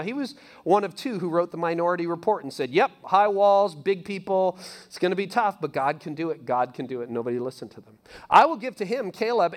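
A man preaching a sermon in a casual, conversational way, swinging from emphatic lines to near-whispers. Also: high-pitched. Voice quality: animated, conversational preaching with sudden soft drops. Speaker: pastor.

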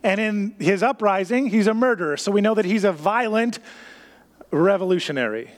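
Male pastor, high voice, animated sermon delivery, long reverb of a hall. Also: normal speed. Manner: animated, acts out scenes in a raised voice.

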